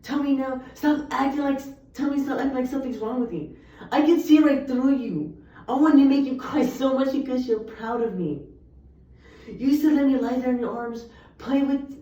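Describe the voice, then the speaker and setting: A woman's voice: sits high, normal speed, mellow. A young woman reciting poems earnestly, with emphatic delivery. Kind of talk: poetry recitation. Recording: echoey, distant, muffled room recording.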